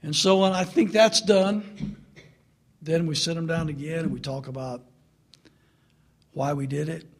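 A middle-aged man preaching through a family story, swinging from loud laughter to hushed earnestness. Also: on the high side, fairly even intonation, measured pace, pauses often. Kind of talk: storytelling sermon.

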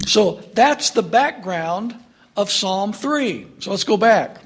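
Slow, high-voiced man preaching a sermon. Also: lively intonation, a bit bright. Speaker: pastor.

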